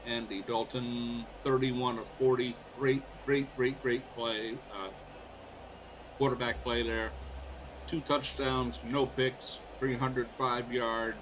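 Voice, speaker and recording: A man's voice: mid-range voice, level tone, takes it slowly, lo-fi sound, background noise. A man casually commenting on his own gameplay, folksy and muttering stats aloud. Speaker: gaming video host. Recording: voice over loud game music.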